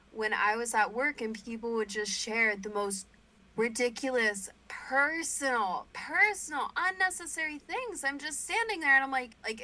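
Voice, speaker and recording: A woman chatting as a guest on a casual podcast, animated and emphatic. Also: medium pitch.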